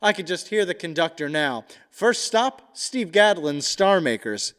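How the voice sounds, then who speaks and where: A man's voice: high-pitched, big pitch swings, measured pace, fairly bright tone, smooth, in a large hall. A man introducing the next act on a comedy show in a playful, theatrical way. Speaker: show announcer.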